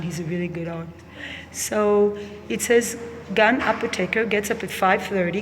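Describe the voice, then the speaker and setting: A woman's voice: medium pitch, slight background noise. Blunt, sarcastic woman in echoing gallery. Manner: blunt, opinionated, sarcastic, swears freely. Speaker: gallery visitor. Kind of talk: candid spoken gallery walkthrough. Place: art gallery, indoors. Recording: roomy gallery with long reverb.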